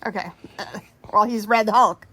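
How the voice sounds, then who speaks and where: A woman co-hosting a casual chat, chatty and quick to laugh. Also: mid-range voice, fairly bright tone, no echo.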